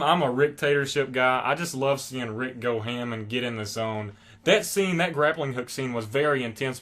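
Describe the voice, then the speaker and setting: Young guy hyped up reviewing a show, rambly, lots of likes and you knows, regular mid pitch. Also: fairly bright tone. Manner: enthusiastic, gushing, rambling with many fillers. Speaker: TV episode reviewer. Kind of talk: casual excited review.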